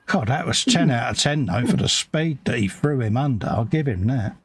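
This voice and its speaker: A middle-aged man from the UK, hosting a relaxed live hobby chat and reading viewer comments aloud with friendly banter. His voice has a gravelly edge and swings lively up and down in pitch. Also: measured pace, no echo. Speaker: livestream host. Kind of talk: casual chat.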